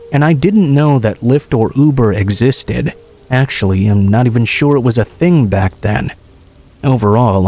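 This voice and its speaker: A man reading true scary stories aloud in a steady, measured first-person narration. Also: medium pitch. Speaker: horror story narrator.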